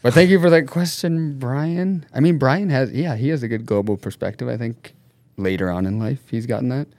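Guest, male, raised between Norway and the US, gravelly, loose storyteller who swears. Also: mid-range voice, moderate pace, dry recording. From Norway and the United States. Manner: animated storyteller, laughs often, swears casually. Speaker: podcast guest. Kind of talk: casual chat.

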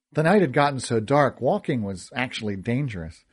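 A man narrating a first-person audiobook story, expressive and wisecracking in his character's dialogue. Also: medium pitch, a little fast, hardly any pauses, slightly rough.

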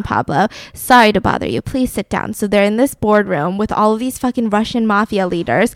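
A woman with a fairly high voice tells a story in relaxed conversation. She is animated and profane, and her sentences are packed with "like". The sound is close and completely dry. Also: dry recording. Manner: animated, swears freely, lots of filler 'like'. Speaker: podcast co-host telling a story. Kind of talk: casual storytelling chat.

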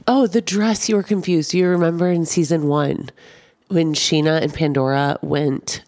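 A woman in her thirties co-hosting a podcast in casual chat, animated and quick to swear. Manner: swearing, animated, jumps up in pitch for emphasis. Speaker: podcast co-host.

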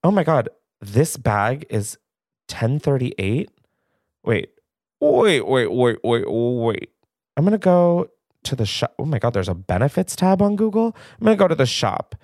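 A man's voice: on the high side, big pitch swings, normal speed, a little mellow, dry recording, studio quality. A young man hosting his own podcast, chatting casually in a rambling, self-deprecating way with lots of asides. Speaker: podcast host. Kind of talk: casual solo podcast chat.

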